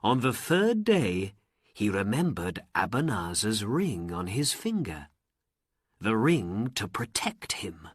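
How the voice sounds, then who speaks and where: A male storyteller narrates a learners' story very slowly and deliberately, with a pitch that swings widely. His voice is breathy and close, with no room sound. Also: no echo. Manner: very slow, deliberate, and expressive.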